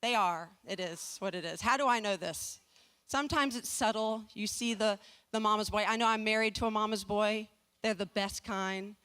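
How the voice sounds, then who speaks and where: At a community fundraising talk, a forties-aged woman from the American South tells comic personal stories in a medium-pitched, slightly bright, clean-toned voice at a moderate pace. She uses good comic timing and self-deprecating asides, and frequently restarts and repeats words.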